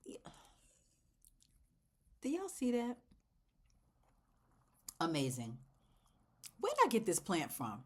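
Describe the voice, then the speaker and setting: A woman hosts a casual plant vlog in a medium-pitched voice. Her pitch rises and falls widely, from loud exclamations down to soft near-whispers. She talks to her viewers in a chatty, heartfelt way. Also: huge pitch swings, slow pace, long pauses, husky. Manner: chatty and heartfelt, talking straight to viewers as y'all. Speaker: plant channel host.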